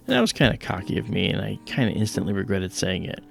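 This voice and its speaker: A man's voice: on the low side, big pitch swings, fast, creaky, soft background music. A man hosting a livestream, chatting casually and telling a personal story with many fillers and acted-out quotes. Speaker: livestream host.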